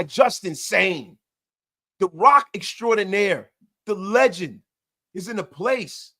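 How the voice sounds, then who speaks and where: High-pitched male streamer hosting a post-game fan show, excitable, loud and repetitive. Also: slow pace. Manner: excitable, loud, repeats himself, banters with chat.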